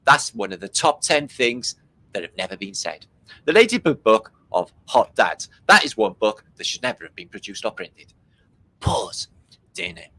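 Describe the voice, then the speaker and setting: A man's voice: lowish voice, sing-song, moderate pace, bright, forceful tone, low-quality recording. A man hosting a livestream, making sarcastic jokes and slipping into silly voices. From Britain. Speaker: livestream host. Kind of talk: casual mocking commentary.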